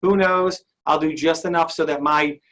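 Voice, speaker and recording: A man's voice: on the high side, steady tone, normal speed, fairly bright tone. A male sales trainer leading an interactive session, upbeat and often asking his audience questions.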